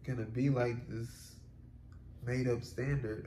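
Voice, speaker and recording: A man's voice: medium pitch, slow pace, creaky, warm tone, a little hiss or hum. A man talking through a solo reflective podcast monologue in a rambling, casual way, full of fillers and offhand swearing. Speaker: podcast host. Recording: roomy echo.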